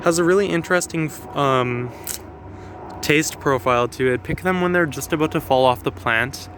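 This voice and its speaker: A young man gives a relaxed walking tour of his backyard garden, chatting and catching himself mid-sentence. He sounds a little out of breath from moving around. Faint outdoor noise and the odd passing plane sit behind his voice. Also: fairly high pitch. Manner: chatty, self-correcting, quick little laughs. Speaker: gardener vlogger. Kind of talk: casual garden tour walkthrough.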